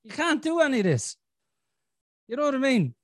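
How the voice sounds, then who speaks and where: A man's voice: very high-pitched, very animated, a little fast, no room sound, clean studio sound. A middle-aged Irish man hosting a casual podcast, swearing and teasing his guest in playful banter. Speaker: podcast host.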